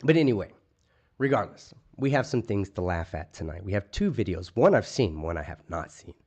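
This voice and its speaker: A man's voice: deep voice, big pitch swings, a little fast, darkish tone. A man hosting a late-night livestream, chatting casually and ranting with lots of profanity. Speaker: streamer host.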